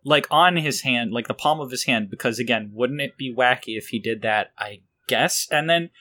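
A man's voice: mid-range voice, normal speed, sharp tone. A man co-hosting a casual podcast about a movie, talking in a rambling, incredulous way with many fillers. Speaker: podcast co-host. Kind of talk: casual chat.

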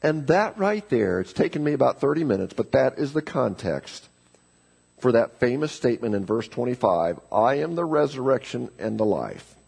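Gravelly-voiced man preaching a sermon. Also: medium pitch, very animated, moderate pace. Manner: preaching with swings from quiet to loud emphasis. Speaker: pastor. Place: church sanctuary.

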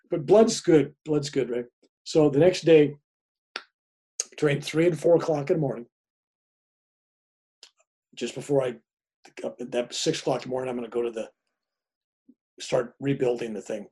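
A man's voice: mid-range voice, breathy edge. An older man, a reverend, telling a long personal story in a casual way and acting out the voices of the people in it. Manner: animated storyteller, acts out quoted voices. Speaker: guest, reverend.

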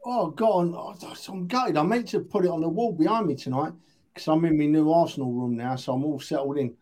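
Male co-host, chatty, self-deprecating, higher pitch, mellow tone. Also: a little fast. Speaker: podcast co-host. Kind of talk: casual podcast chat.

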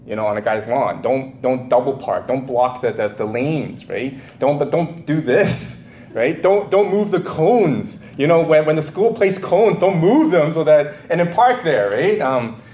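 A man preaching an informal sermon as a pastor, talking haltingly with many fillers and restarts and laughing at himself. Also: on the high side, lively intonation, a little mellow, slight background noise. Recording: echoey room sound.

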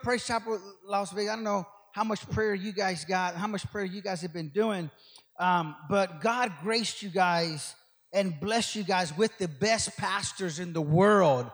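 An older man preaching as a guest speaker, telling rambling stories that build to shouted preaching. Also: high voice, a little slow. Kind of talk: sermon. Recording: long hall reverb.

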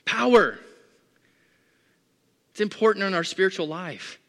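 A man's voice: fairly high pitch, normal speed, sharp tone. A man preaching a sermon, repeating words as he builds in intensity. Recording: echoey hall.

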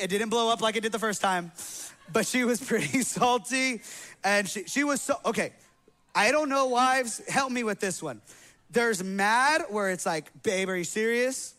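A man's voice: high voice, bright, forceful tone. A male pastor preaching a sermon, telling a humorous personal story in a casual, slangy, conversational way to his congregation in a church. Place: church sanctuary.

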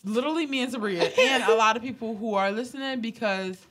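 A woman in her late twenties co-hosting a podcast in casual chat, animated, laughing often and swearing freely. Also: on the high side, quick pace. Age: late 20s. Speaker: podcast co-host.

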